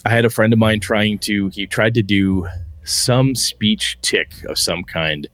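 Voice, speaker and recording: A man's voice: on the low side, measured pace, a bit bright, no room sound. A man hosting a casual podcast about tabletop gaming, talking candidly, swearing freely and laughing often. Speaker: podcast host.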